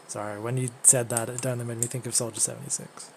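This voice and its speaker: A woman's voice: extremely low pitch, flat delivery, fast talker, gravelly, darkish tone, a little hiss or hum. A woman streaming a game, chatting casually and playfully with her chat. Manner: playful, breaks into silly voices.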